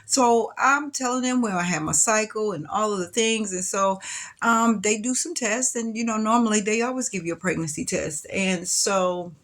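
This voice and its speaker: A young woman recounting her past in an interview, with a mid-range voice. She talks loosely and chattily, full of fillers and restarts. Her voice jumps higher whenever she quotes her younger self. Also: normal speed, a bit bright. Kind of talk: personal storytelling.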